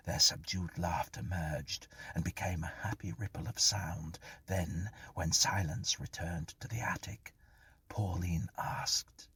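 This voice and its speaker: A man narrating a horror story in a hushed, breathy, half-whispered delivery. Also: deep voice, fairly even intonation, slow, dry recording.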